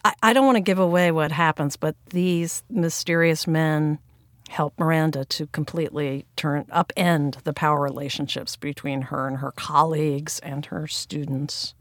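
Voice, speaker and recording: Low-voiced woman interviewer. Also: steady tone, normal speed, dry recording, studio quality. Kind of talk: interview conversation.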